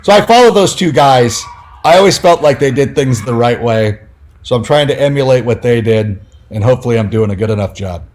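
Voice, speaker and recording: A man guest on a podcast, telling long, animated stories in a casual way, full of fillers and acted-out quotes. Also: mid-range voice, fairly quick, a little hiss or hum. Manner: animated, filler-heavy, acts out quoted people. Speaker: podcast guest, fantasy football analyst. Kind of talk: casual storytelling.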